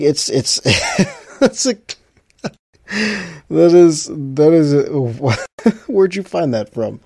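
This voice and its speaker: A man talks casually to his audience, wandering from thought to thought with lots of restarts and fillers. His voice is dark, with a gravelly fry running through it. The sound is dry and close. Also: medium pitch, dry recording. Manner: rambling, many restarts and fillers. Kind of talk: casual chat to viewers.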